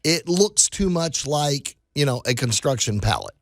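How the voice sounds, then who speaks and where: A man co-hosting a radio show in a studio, talking in playful, halting casual banter. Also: on the high side, no echo. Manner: lively, halting with restarts, playful.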